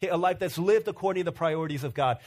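High-voiced casual male preacher. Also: racing, a little mellow. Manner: storytelling with playful acted-out quotes and many fillers. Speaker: pastor. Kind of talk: casual sermon.

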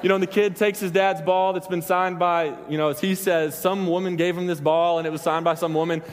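A man's voice: high-pitched, little pitch movement, fairly quick. A man giving a sermon to a live audience, rambling through personal stories and stopping often to restart and joke. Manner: rambling, self-interrupting, joking with the crowd. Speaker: preacher. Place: church hall with an audience. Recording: long hall reverb.

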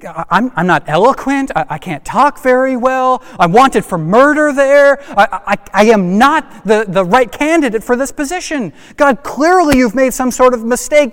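A man's voice: very high voice, clear, resonant tone, pitched above the performer's own voice. A man voicing Moses as an anxious older man who stammers and protests, in a long reverberant hall. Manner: pleading, stammering, agitated.

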